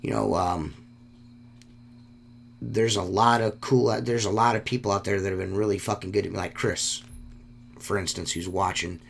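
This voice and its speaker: A man's voice: deep voice, moderate pace, creaky, pauses often, a little hiss or hum. A man hosting a solo podcast, talking in a rambling, heartfelt way and swearing often. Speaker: podcast host.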